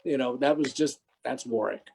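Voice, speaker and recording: Older man, guest on a video call, warm low-key tone, rambling anecdotes. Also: normal speed, vocal fry, slight background noise, poor audio. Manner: rambling, many restarts. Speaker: guest, former stunt performer. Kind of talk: casual interview anecdotes.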